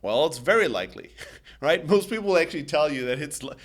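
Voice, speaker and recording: High-voiced energetic man giving sales advice. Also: quick pace. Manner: energetic, emphatic, plain-spoken. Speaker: sales company host. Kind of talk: direct-to-camera sales advice.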